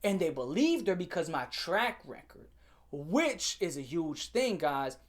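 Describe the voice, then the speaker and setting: A man's voice: fairly high pitch, sing-song, unhurried. Profane young man ranting a storytime. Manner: profane, slangy, heated ranting; talks straight to viewers, repeats himself. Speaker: YouTuber telling a story. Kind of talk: storytime rant.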